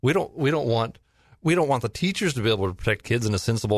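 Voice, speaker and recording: A man's voice: medium pitch, lively intonation, quick pace, dry recording. A man co-hosting a talk radio show, bantering in a wry, sarcastic way in a studio. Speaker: radio co-host. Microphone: studio mic.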